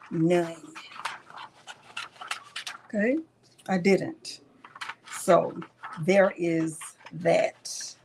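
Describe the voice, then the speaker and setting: Slow-talking woman livestream host. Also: lowish voice, a little hiss or hum. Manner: repetitive, emphatic, talks to viewers. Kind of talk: casual livestream chat.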